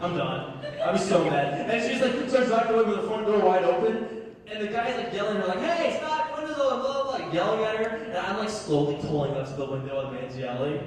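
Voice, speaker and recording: A man's voice: sits high, quick pace, a crowd in the background. A young man doing a stand-up comedy set, telling stories and acting out the voices of people in them, laughing at his own jokes. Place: large hall, recorded from far off. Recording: echoey hall, distant mic, faint noise.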